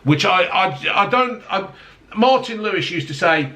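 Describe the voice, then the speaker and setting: A man's voice: sits high, lively intonation, measured pace, sharp tone. A man ranting angrily in casual chat, swearing as he talks to camera. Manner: angry, sweary rant. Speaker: vlogger.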